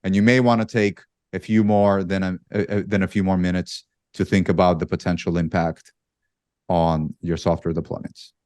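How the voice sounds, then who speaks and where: A man's voice: deep voice, moderate pace, no room sound. A man on a podcast panel, telling a story casually with plenty of ums and restarts. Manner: relaxed, many ums and restarts. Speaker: panel guest.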